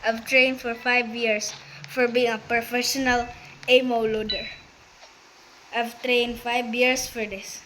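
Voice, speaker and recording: A woman's voice: on the high side, level tone, takes it slowly, pushed and bright, slight background noise, low-quality recording. A woman giving casual commentary on her own gameplay. She talks straight to her viewers, breaks out in laughter and exclamations, and uses loose, broken grammar. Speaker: gamer narrating her own play.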